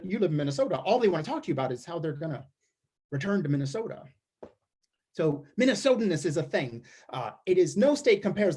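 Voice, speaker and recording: Wry husky-voiced man telling stories. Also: fairly high pitch, darkish tone. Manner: wry, observational, frequent restarts. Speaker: storyteller performer. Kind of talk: comic storytelling monologue. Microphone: streamed performance mic.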